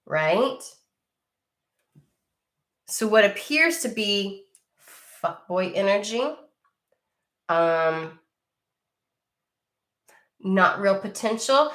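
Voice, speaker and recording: Woman, tarot reader, casual and profane, mid-pitched, roomy echo. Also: lively intonation, extremely slow, long pauses, fairly bright tone. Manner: blunt and profane, talks to viewer directly. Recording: echoey room.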